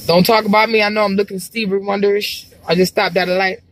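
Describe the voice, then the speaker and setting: A woman's voice: mid-range voice, level tone, fast, low-quality recording. A woman vlogging from her car as she drives, chatting in a rambling, exclamatory way with sighs. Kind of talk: casual chat to camera while driving. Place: car, driving.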